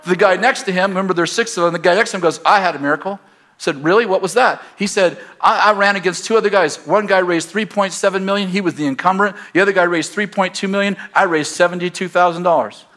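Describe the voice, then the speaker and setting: A middle-aged American man preaching a sermon in a church, telling stories and building to loud exhortation. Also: high voice, fast talker. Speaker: pastor. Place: church sanctuary. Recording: faint crowd in a church. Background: congregation.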